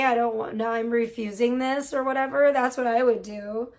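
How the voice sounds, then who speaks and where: Woman, livestream host, casual chat, gossipy, swears often, fairly high pitch. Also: a little slow. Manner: gossipy, animated, swears freely.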